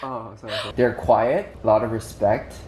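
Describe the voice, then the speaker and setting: Low-key man in an echoey room. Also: steady tone, fairly quick, a little mellow. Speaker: co-host. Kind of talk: casual chat. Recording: echoey room with faint noise.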